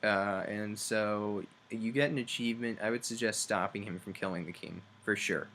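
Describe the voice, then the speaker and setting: A man's voice: lowish voice, normal speed, a bit bright, slight background noise. A young man casually talking through a video game story, rambling, with many fillers and frequent chuckles. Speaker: game reviewer.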